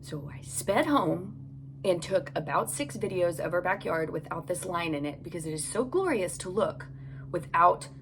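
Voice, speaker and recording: Woman, devotional host, chatty storyteller, lowish voice, faint hiss behind. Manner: chatty, storytelling, reads scripture aloud. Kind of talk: casual devotional Bible teaching. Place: home closet.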